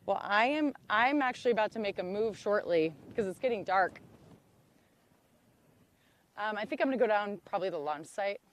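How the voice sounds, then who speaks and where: A woman hosting an outdoor livestream, talking excitedly into a handheld camera by a public road. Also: mid-range voice, moderate pace, long pauses. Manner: excitable, exclaims often. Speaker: livestream host.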